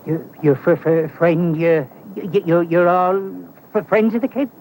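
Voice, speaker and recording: A man's voice: high voice, big pitch swings, slight background noise, poor audio. An actor playing a nervous small-town stable man in a 1970 western film, stammering and evasive. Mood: jittery. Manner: stammering, fast-talking, evasive.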